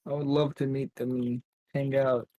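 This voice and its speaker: An easygoing man chats in character during a tabletop game, friendly and relaxed. His voice sits in an ordinary middle pitch. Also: normal speed, no room sound. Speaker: player. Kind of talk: casual tabletop play in character.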